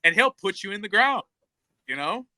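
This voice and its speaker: A man's voice: high-pitched, sing-song, moderate pace, pushed and bright, no echo. A man hosting a podcast, chatting casually in a laid-back, joking way with plenty of "um" and "you know". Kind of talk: casual chat.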